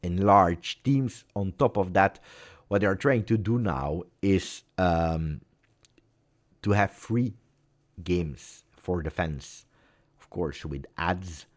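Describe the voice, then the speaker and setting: A man's voice: low voice, slow. A middle-aged man with an Italian accent, hosting a casual football chat with viewers and often repeating phrases for emphasis. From Italy. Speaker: football channel host.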